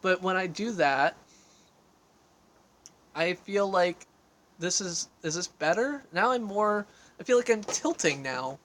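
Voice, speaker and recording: A man's voice: high-pitched, lively intonation, slow pace, pauses often, a bit bright. A man hosting a casual livestream from an outdoor deck, talking into a phone on a selfie stick. He rambles, makes fun of himself and answers viewer questions as he reads them. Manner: rambling, self-deprecating, reads and answers chat aloud.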